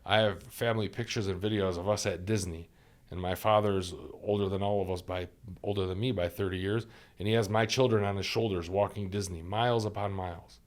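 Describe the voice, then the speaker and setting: A man, a doctor and podcast guest, earnestly sharing stories and life advice, repeating key phrases for emphasis. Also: deep voice. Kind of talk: reflective conversational storytelling.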